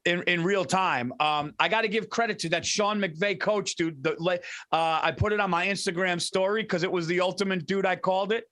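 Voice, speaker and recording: A man with a fairly high voice chats loosely on a podcast, his sentences full of restarts and constant "dude"s. His delivery is relaxed and conversational, like a friend talking sports. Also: a little fast, few pauses. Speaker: podcast co-host. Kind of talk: casual chat.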